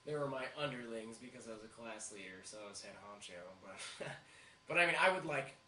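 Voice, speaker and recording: A young man chatting on a podcast, telling army stories in a loud, profane, animated way. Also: medium pitch, fairly quick. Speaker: podcast co-host. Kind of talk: casual chat. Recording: echoey room, mic at a distance, faint noise.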